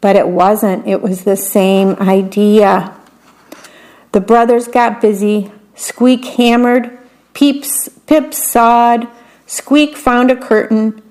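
With a slightly high, darkish voice and fairly even intonation, a woman slowly reads a picture book aloud. Along the way she adds conversational comments on what each page's picture shows.

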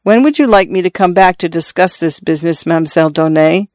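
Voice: medium pitch, fast talker, no echo, studio quality, natural voice. A reader voicing a plain, awkward and obedient young peasant man in an audiobook story, subdued and hesitant. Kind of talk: audiobook character reading.

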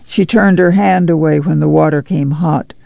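Male audiobook narrator, gravelly, measured; dry, dull recording. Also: on the high side, steady tone, mellow, no room sound. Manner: measured, unhurried storytelling. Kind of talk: scripted novel narration.

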